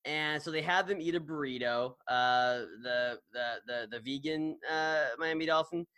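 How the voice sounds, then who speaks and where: A man's voice: fairly high pitch, measured pace, pushed and bright, clean tone, no echo. A man co-hosting a podcast, chatting casually and rambling with many fillers and restarts. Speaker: podcast co-host.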